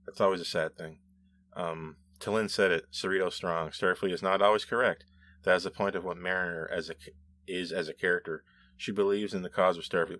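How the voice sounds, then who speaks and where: Deep-voiced man rambling through comments. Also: fairly even intonation, brisk, a bit bright. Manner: rambling, self-correcting, laughs often. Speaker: host reading viewer comments. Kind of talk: casual commentary.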